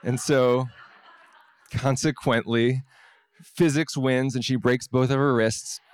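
A scientist telling a personal story to an audience, wry and self-deprecating, with halting restarts. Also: male voice, medium pitch, steady tone, clear, resonant tone, no room sound.

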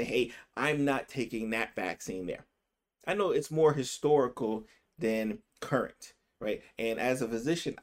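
A man physician hosts his own podcast, speaking in a mid-range voice with loose, conversational commentary. He often tosses in a quick "right?" to check in with the listener. He rushes through some phrases and drags out others to stress a word. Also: mid-range voice, darkish tone. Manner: speeds up and slows down to stress words. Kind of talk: casual opinion commentary.

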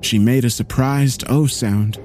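A man narrating a horror story in a slow, grave storytelling manner. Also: medium pitch, warm tone, slight background noise.

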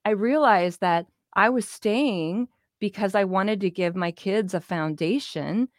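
A middle-aged woman, a guest in an interview, telling her life story in a casual, animated way, acting out quoted dialogue and laughing often. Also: mid-range voice, unhurried, no echo, studio quality. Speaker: interview guest, business owner.

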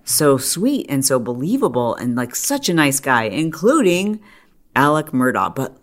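A middle-aged woman hosting a podcast, talking in a chatty, animated way full of "like" and quick asides. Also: a bass voice. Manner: chatty, animated storytelling with frequent "like". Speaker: podcast host. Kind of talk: casual monologue.

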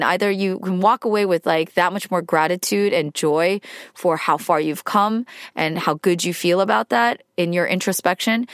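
A woman talks in an earnest, rambling way, circling back on her thoughts with lots of "like"s and a voice that turns tearful now and then. Her voice sits a little low for a woman, and the sound is close and dry with no room echo. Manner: earnest, rambling, many "like"s, emotional. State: tearful at times. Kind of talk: reflective personal monologue.

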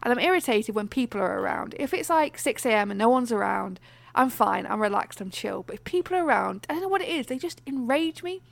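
A woman's voice: fairly high pitch, vocal fry, no room sound. Ranting woman podcast host. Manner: animated ranting, quick bursts of exasperation. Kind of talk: casual podcast chat.

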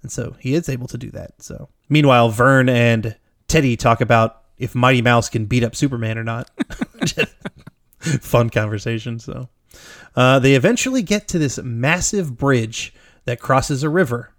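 A man's voice: mid-range voice, moderate pace, no echo, studio quality. A man co-hosting a podcast, recapping a film in casual, rambling chat, swearing freely and laughing often. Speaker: podcast co-host.

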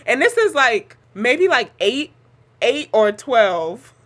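A woman speaking casually and sincerely, with lots of fillers. Her voice is bright and a little pitched up, and her intonation moves around a lot. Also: very animated, slow. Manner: warm, chatty, filler-heavy, sincere. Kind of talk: casual chat.

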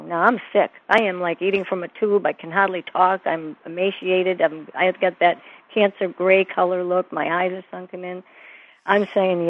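A woman's voice: on the low side, steady tone, normal speed. Earnest woman telling a story over a tinny line. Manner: earnest storytelling, acts out quoted voices. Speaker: guest, minister and author. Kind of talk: interview conversation.

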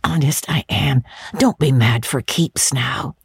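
Casting: a woman as a sincere schoolboy, hushed and earnest, husky tone. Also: very deep voice, big pitch swings, normal speed, dry recording, studio quality, exaggerated voice. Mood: whispered apology. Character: teasing, then contrite schoolboy.

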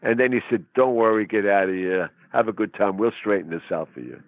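A husky man telling a dramatic story in conversation, acting out quotes in a tough-talking way. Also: on the low side, brisk, few pauses, no room sound. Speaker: interview guest. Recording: phone-like narrow sound, dry.

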